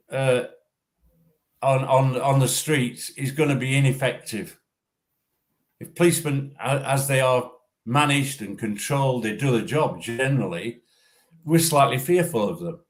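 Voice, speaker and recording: Older man talking slowly with halting repeats. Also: medium pitch. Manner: halting, repeats words, measured. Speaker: former referee assessor. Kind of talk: casual discussion.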